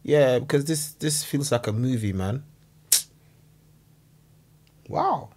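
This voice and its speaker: A man reacting to a documentary video in casual, animated commentary, exclaiming and laughing. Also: mid-range voice, normal speed. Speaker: reaction host.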